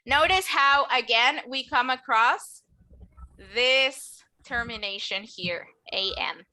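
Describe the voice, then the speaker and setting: A bright, high-pitched woman plays a bilingual English teacher running an online class on nationalities. She moves back and forth between English and Spanish explanations and stretches out model words slowly so students can repeat them.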